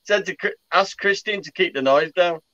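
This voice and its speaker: A blunt man with a fairly high voice, swearing and laughing as he talks. The recording is dull and lo-fi. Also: normal speed, pushed and bright, no echo. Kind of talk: casual chat.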